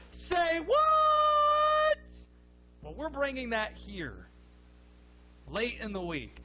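A man hosting a sports radio show, playful and animated with jokey asides. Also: sits high, a little hiss or hum. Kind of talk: casual sports talk.

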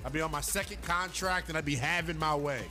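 A young man hosting sports talk radio, loud and joking with playful hype. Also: a little high, brisk, music in the background.

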